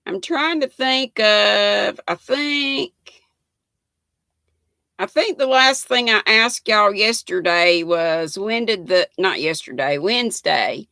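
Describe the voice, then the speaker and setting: An older Southern woman drawls slowly through a chatty live stream, her voice bright and edged with gravelly fry. She greets viewers by name in a homey, folksy way, recorded close and dry. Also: medium pitch, animated, dry recording. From North Carolina. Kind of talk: casual live-stream chat reading viewer comments.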